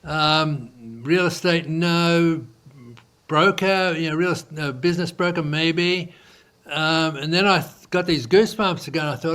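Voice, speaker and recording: Guy with a higher-pitched voice chatting through an old business story, loose and rambly. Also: unhurried. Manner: animated storyteller who acts out quoted dialogue; loose, restarting speech with many fillers. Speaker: entrepreneur guest. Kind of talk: casual storytelling interview.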